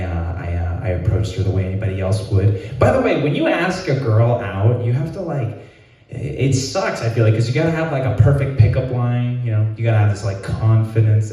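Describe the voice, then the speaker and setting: A young man performing stand-up with a self-deprecating, halting delivery. His voice sits low and mellow. He is heard from some distance, and the space around him is very echoey. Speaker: stand-up comedian. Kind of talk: stand-up comedy set. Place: free comedy show. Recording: roomy echo, mic far off.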